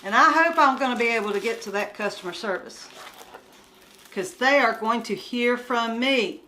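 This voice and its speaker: Woman, crafts vlogger, casual chat to viewers, talkative, exasperated, fairly high, bright tone. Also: moderate pace, slight background noise. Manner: chatty, addresses viewers directly, grows exasperated. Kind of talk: casual haul video talking to viewers.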